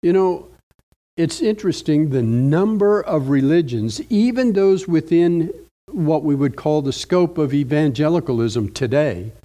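A middle-aged male preacher teaching through scripture at an unhurried, measured pace. His voice is mellow and warm, never sharp. He leans on key words to drive each point home. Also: a little high, animated. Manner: slow, deliberate, stressing key words. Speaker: pastor. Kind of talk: sermon Bible study.

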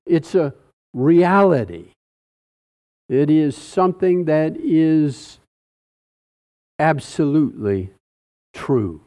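A man preaching a sermon, teaching slowly and deliberately through a Bible passage with dramatic pauses. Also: on the high side, lively intonation, dark tone.

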